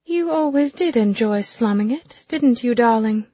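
A woman voicing a cold, spiteful society woman with a delicate voice that stays gentle while she threatens. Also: fairly high pitch, expressive, measured pace, no echo, lo-fi sound, pitched above the performer's own voice. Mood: sneering. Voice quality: delicate, sweetly menacing.

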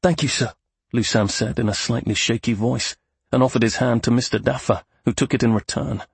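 A man narrating a fantasy audiobook in a steady, measured way. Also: mid-range voice, gravelly, breathy edge, no room sound.

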